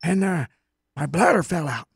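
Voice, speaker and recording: A man doing a little old man with a high, cracking voice that jumps all over the place. He grumbles through a crude story in a dry, close-miked studio sound. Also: animated, moderate pace, vocal fry, slightly rough, no echo, full character voice. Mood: complaining.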